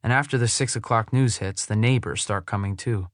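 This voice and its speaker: A man narrating an audiobook in the first person, with a soothing, even delivery. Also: lowish voice, brisk, no echo, clean studio sound.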